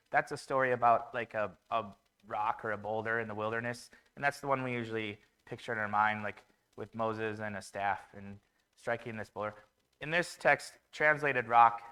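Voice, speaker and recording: A man's voice: mid-range voice, pushed and bright, clean tone. A man preaching a conversational sermon in a church, with fillers and restarts.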